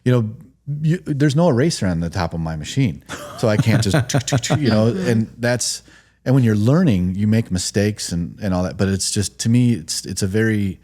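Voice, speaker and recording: A man's voice: on the low side, expressive, moderate pace, warm tone. A man with a Midwestern American accent, a tattoo studio owner talking earnestly and reflectively as a guest on a podcast. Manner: earnest, reflective, trailing restarts. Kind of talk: casual podcast conversation.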